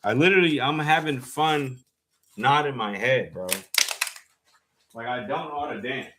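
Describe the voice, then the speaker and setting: A young man streaming live, telling a story to his chat in an animated, slangy, profane way and reading the chat aloud. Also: medium pitch, moderate pace, heavy background noise.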